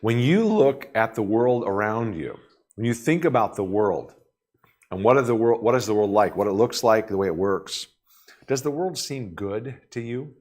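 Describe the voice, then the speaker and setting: A man's voice: fairly low pitch, lively intonation, normal speed, darkish tone. A male pastor preaching a sermon in a church, talking conversationally with restarts and rhetorical questions.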